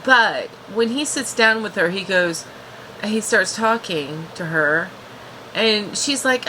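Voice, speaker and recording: Woman, TV reviewer; casual, rambling recap delivery, bright forward tone. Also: medium pitch, animated, takes it slowly, a little hiss or hum, poor audio. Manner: chatty, restarts and fillers.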